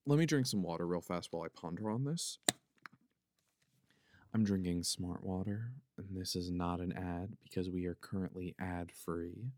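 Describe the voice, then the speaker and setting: Low-pitched and darkish in tone, this man speaks at a moderate pace with a Philadelphia accent. Hosting a casual solo podcast into a podcast microphone, he rambles and jokes, mushing his consonants together.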